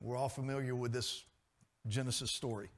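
A man preaching a sermon, swinging between loud emphatic peaks and quiet asides. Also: medium pitch, steady tone, normal speed. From grew up in a pastor's family.

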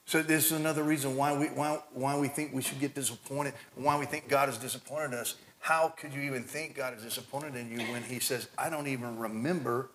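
A man preaching a sermon, animated and climbing toward near shouting at high points, with many repeated and restarted words. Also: fairly quick, hardly any pauses, slight background noise. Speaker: pastor.

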